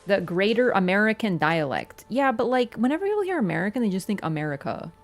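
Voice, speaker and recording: A woman's voice: mid-range voice, big pitch swings, fast, soft background music. A young Canadian woman chatting casually while livestreaming a game, rambling with lots of "like". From Ontario, Canada. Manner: chatty, rambling, full of "like" fillers. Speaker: streamer.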